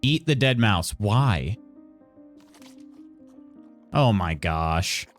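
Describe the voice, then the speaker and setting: Playful man with a lively voice. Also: on the low side, drawn-out words, faint music behind. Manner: playful, wry asides to chat. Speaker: game streamer. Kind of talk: live gameplay stream, reading tutorial text aloud.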